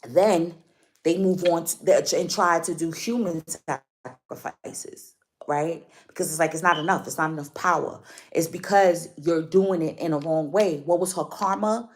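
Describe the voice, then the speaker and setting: A woman's voice: sits low, measured pace. A woman giving a casual spiritual card reading to her viewers. She speaks emphatically, repeats her points and often asks if they follow her.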